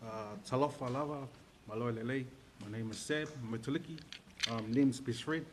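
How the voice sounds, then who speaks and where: A man's voice: medium pitch, moderate pace, noisy background. Subdued New man speaking unscripted. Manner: hesitant, subdued, full of fillers. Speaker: best friend giving a eulogy. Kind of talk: unscripted funeral speech.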